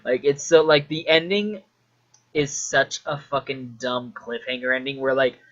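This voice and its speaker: A man's voice: mid-range voice, fairly even intonation, unhurried, a bit bright, muffled recording. A man casually rambling about a video game he loves, full of fillers, restarts and swearing.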